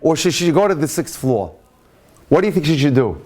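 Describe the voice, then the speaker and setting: A man lecturing as a rabbi to a live audience in a room, telling jokes and stories with lively shifts in speed. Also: a little high. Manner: animated storytelling, speeds up and slows down.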